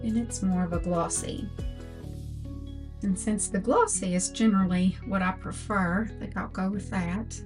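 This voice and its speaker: Slow-talking older woman beauty vlogger. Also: mid-range voice, over music. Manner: slow, chatty product talk. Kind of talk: makeup tutorial.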